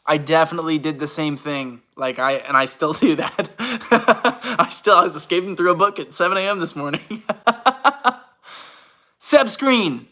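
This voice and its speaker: A man's voice: on the high side, lively intonation, a little slow, pushed and bright. A young man, an actor and YouTuber, casually chatting on a livestream, reading out comments and thanking viewers, laughing often in a rambling, self-deprecating way. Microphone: phone.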